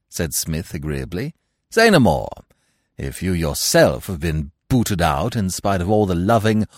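A man doing a languid, monocled young gentleman, wordy and mock-solemn. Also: lowish voice, no echo, studio quality. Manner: florid, courteous, mock-solemn phrasing.

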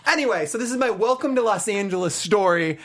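A man from Arizona hosting a podcast, telling a story in an animated, self-mocking way. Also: high voice, fast. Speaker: podcast host. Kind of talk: casual storytelling.

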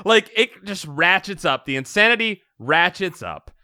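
A man's voice: sits high, normal speed, no room sound. A man co-hosting a casual podcast, recapping a book with laughter and frequent swearing. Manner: animated, laughing, swears freely. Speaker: podcast co-host.

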